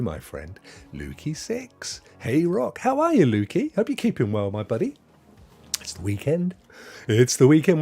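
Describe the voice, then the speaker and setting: A man's voice: mid-range voice, dark tone, husky. A British man in his fifties hosting a live stream, chatting casually and greeting viewers by name. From United Kingdom.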